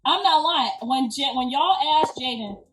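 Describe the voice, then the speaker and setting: Middle-aged woman, high voice; emphatic, profane storyteller; distant mic in a reverberant room. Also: measured pace. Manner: animated, emphatic, profane, slangy. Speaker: grandmother telling a birth story. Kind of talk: casual storytelling. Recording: echoey room, distant mic, faint music.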